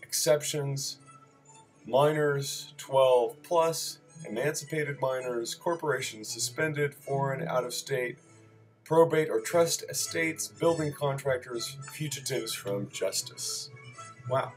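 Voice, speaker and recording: A man reads his civil procedure lecture notes slowly, at medium pitch, over faint music on a rough recording. The notes are terse and list-like, broken up by wry comments and apologetic corrections.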